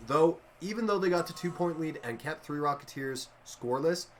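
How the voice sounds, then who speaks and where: A man casting a video game match live, excitable and jokey, often trailing off mid-sentence. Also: fairly high pitch, moderate pace, slight background noise. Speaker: esports caster. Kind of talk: live play-by-play commentary.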